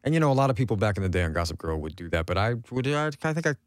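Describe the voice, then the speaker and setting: American male guest, low voice, lively rambling delivery, dry studio sound. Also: rapid-fire, no echo. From United States. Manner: rambling, restarts often, laughs easily. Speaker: guest actor. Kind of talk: casual radio interview chat.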